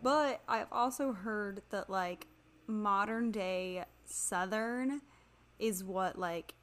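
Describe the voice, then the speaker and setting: Slow-talking woman musing in casual chat. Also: medium pitch, a bit bright.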